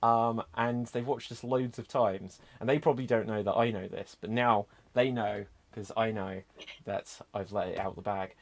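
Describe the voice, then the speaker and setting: A man's voice: on the low side, steady tone, normal speed. A man hosting an improv comedy show, chatting loosely between games with plenty of fillers and asides.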